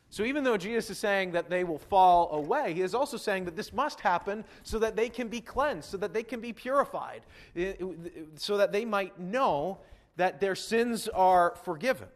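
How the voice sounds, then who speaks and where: In his sermon, a man serving as pastor speaks in a high voice at a moderate clip, bringing Bible figures to life by voicing them with animation.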